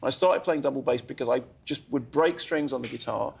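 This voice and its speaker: A man in his fifties, a film critic guest on a TV chat show, telling animated, self-deprecating stories. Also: medium pitch, a little fast, creaky, husky. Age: 50s. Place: TV studio.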